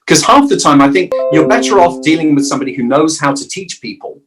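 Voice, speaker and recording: A middle-aged man, a voice actor and dialect coach, answering interview questions in a lively storytelling way. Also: fairly high pitch, quick pace, hardly any pauses, soft background music. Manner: animated storyteller who slips into quoted voices.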